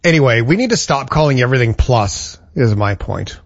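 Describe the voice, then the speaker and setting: A male host chats casually with his guest, firing off quick reactions and wry jokes. His voice sits at a middle pitch and sounds dry, with no room echo. The audio is dull and muffled. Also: animated. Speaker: show host. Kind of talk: casual talk show chat.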